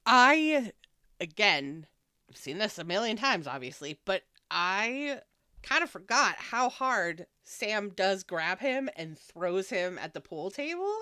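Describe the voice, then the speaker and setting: A woman's voice: medium pitch, very animated, slow, pushed and bright, clean tone, no echo. Blunt woman podcast co-host, dry sound. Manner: blunt, swears freely, quotes characters. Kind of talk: casual chat recapping a TV episode.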